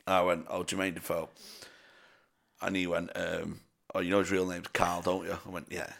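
This is a young man chatting on a casual podcast. His voice sits low and gravelly, with a bright, forward tone. He tells stories loosely, swears freely and laughs often. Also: completely flat delivery, normal speed. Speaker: podcast co-host. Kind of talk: casual chat.

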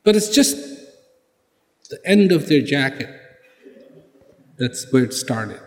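Guy giving a big speech, high voice all over the place, super echoey hall. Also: sing-song, slow pace. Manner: rhetorical questions and acted-out dialogues; emphatic, repeats key words. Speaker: public speaker. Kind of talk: motivational speech.

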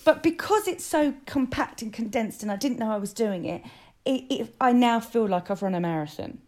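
A woman's voice: a little high, moderate pace. Woman, forties, stage actress, effusive chatter. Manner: gushing, excitable storytelling. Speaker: West End musical actress, guest. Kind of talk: casual chat.

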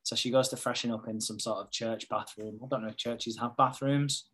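A man chatting casually as a podcast co-host, recapping a TV episode with lots of swearing and quick impressions of the characters. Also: mid-range voice, steady tone, a bit bright, husky.

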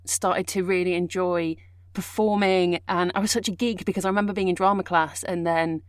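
A woman's voice: lowish voice, fairly even intonation, a little fast, clean tone, no room sound, studio quality. A young adult woman chatting casually as a guest, telling her story with lots of fillers. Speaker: guest, audiobook narrator and actor. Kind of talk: casual chat.

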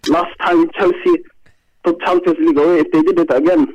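A man phoning in to a show, boasting excitedly in broken English. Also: on the high side, a little fast, lo-fi sound. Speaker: caller. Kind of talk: call-in phone chat.

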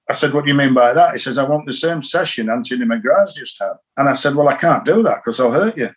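An older man tells a coaching story in an interview. He talks in an animated, anecdotal way and acts out the lines he quotes. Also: mid-range voice. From England. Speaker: cricket coach.

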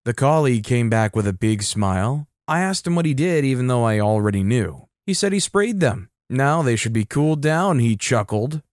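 A man narrating a story in a steady, matter-of-fact scripted reading. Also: mid-range voice, normal speed, hardly any pauses, no echo, clean studio sound.

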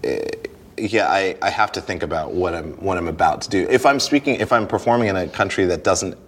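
Deep-voiced man, rambling and laughing. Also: lively intonation, a little fast. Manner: rambling, self-interrupting, laughs easily. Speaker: guest, stage performer. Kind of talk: casual interview conversation.

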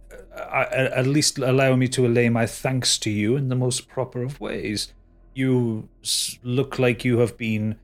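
A man plays an older male cult leader in a spoken tabletop game. He speaks formally and graciously, with polite restarts, in an even mid-range voice. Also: mid-range voice, close to an everyday voice.

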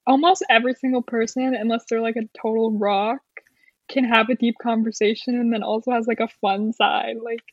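A woman's voice: on the high side, little pitch movement, fairly quick, no echo. A young adult woman, a podcast guest in casual chat, who talks loosely and says "like" a lot. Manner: chatty, leans on "like". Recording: dull, dry, lo-fi sound.

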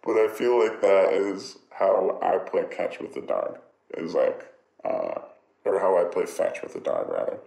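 Man rambling in a lively voice. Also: deep voice, a little slow, gravelly. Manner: rambling, joking, swears casually. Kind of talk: casual monologue. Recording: roomy echo.

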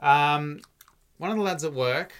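A man hosting a podcast, telling relaxed anecdotes in a casual way. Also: on the high side, measured pace, smooth. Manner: relaxed anecdotal storyteller, laughs easily. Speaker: podcast host. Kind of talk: casual storytelling.

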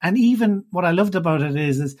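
A man's voice: high voice, expressive, fairly quick, darkish tone. A man hosting a podcast, who chats in an easygoing way and tells stories about his own life. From Ireland. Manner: easygoing, storytelling. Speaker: podcast host. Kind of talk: casual chat.

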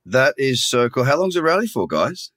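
A man's voice: mid-range voice, sing-song, normal speed, fairly bright tone. A man hosting a casual podcast interview, upbeat and joking. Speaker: podcast host.

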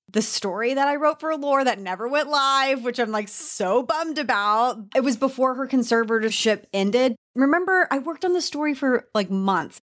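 A woman with a Southern US accent co-hosting a podcast, chatting frankly and animatedly, swearing freely and saying y'all. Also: fairly high pitch. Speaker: podcast co-host, beauty writer. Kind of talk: casual gossip chat.

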